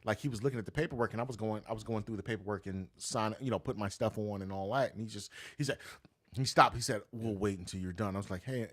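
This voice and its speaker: A man with a somewhat low voice tells stories casually as an interview guest. He talks with energy and switches his pitch sharply when he imitates the people in his stories. His tone is relaxed and conversational. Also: fast. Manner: animated, acts out quoted voices with big pitch jumps. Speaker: notary business owner, guest.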